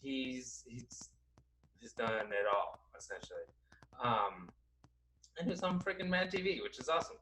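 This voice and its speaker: A man chatting loosely as a co-host, his voice bright and forward. He rambles through his points with plenty of fillers and restarts, getting animated as he goes. Faint clicks sit behind him. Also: medium pitch, unhurried, pauses often, slight background noise, rough recording. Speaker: podcast co-host. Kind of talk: casual chat.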